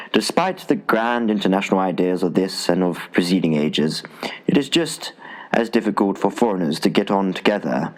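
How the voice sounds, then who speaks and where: Lively low-voiced male audiobook reader. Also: low-quality recording. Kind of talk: scripted narration.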